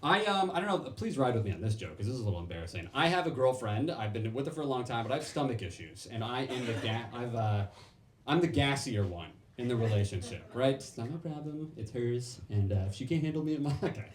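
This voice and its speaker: A man's voice: medium pitch, fast. A young man doing a stand-up comedy set on a club stage, swearing freely and acting out the people in his stories. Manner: animated, swearing, acting out quoted voices. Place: comedy club stage before a laughing crowd. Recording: roomy club sound with crowd laughter.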